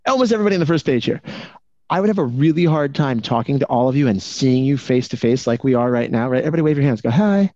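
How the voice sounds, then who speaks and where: A fast-talking male coach leading a real estate team on a video call, throwing question after question at the group. His tone is mellow and dark. The call audio is dry and muffled. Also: medium pitch, no room sound. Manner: energetic, asks the group many questions.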